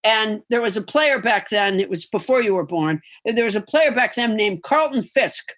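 A woman's voice: medium pitch, expressive, moderate pace, a bit bright. A woman from Massachusetts, chatting casually as a guest and telling amused stories. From Massachusetts, USA. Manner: anecdotal storyteller, amused, chatty. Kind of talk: casual chat.

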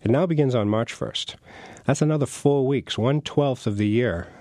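A man's voice: mid-range voice, moderate pace, dark tone, no echo. A middle-aged man, an author talking casually in an interview, rambling and chuckling. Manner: rambling, with many restarts and chuckles. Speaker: author guest.

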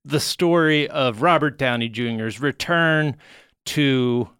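A man's voice: mid-range voice, slow pace, fairly bright tone, clean tone, no echo, studio quality. A man co-hosting a comedy podcast in casual chat, rambling with lots of filler words. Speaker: podcast co-host.

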